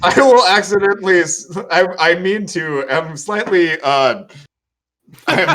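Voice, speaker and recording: A man playing in a tabletop game, describing his character's actions haltingly, with frequent pauses for words. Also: high-pitched, a bit bright. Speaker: player. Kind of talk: casual tabletop play.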